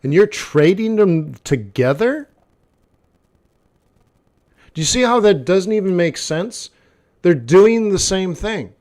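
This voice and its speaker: A man's voice: high-pitched, lively intonation, slow pace, pauses often, a little mellow. A man coaching a live forex trading session in a blunt, conversational way, talking straight to the viewer with lots of "okay" and "like". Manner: conversational, repeats phrases, many "okay" and "like" fillers.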